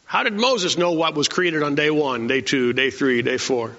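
A man preaching an informal sermon in a folksy, conversational way, often pausing with "uh". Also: on the high side, sharp tone. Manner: folksy and conversational, many "uh" fillers. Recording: echoey hall, dull lo-fi sound.

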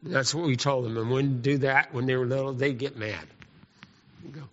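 A man preaching a sermon in an animated, folksy, repetitive way. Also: mid-range voice, quick pace. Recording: echoey hall, muffled lo-fi.

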